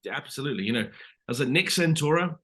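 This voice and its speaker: Quick, bright-voiced British man. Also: medium pitch. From Britain. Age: 30s. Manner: rambling storyteller, many restarts, says mate. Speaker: actor guest. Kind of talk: casual interview chat.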